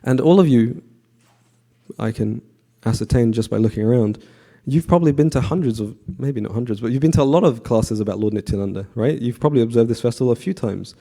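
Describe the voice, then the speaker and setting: A man giving a conversational devotional class to a temple audience, often asking the audience questions and pausing with fillers. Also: medium pitch. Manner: frequent fillers and restarts, relaxed.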